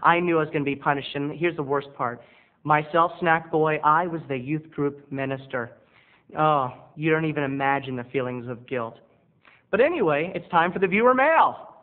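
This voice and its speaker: Speaking at a moderate pace, this man's voice runs slightly high as he rambles through a confessional monologue poking fun at himself. He's a video blogger addressing the camera from his bedroom studio, and the audio comes across thin and tinny, like a phone call.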